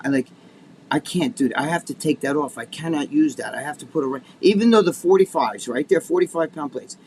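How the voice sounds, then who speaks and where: Middle-aged male co-host, slightly raised pitch, swears freely and rambles through gym stories over faint noise. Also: brisk, a little mellow. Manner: rambling, profane storytelling with many restarts. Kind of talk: casual podcast chat.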